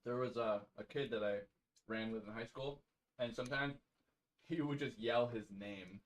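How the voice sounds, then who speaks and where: Man, co-host, relaxed storyteller, average pitch, casual kitchen chat. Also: moderate pace, low-quality recording. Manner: laid-back, jokey storyteller. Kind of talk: casual chat on a live cooking stream. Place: home kitchen.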